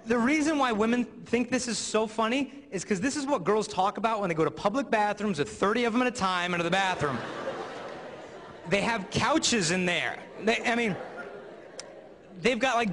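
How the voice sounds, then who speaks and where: A man's voice: sits high, a bit bright, slight background noise. A young man giving a comedic talk to a live audience in a large hall, acting out characters as he tells his stories. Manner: playful storyteller who acts out characters. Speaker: youth speaker. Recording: reverberant hall.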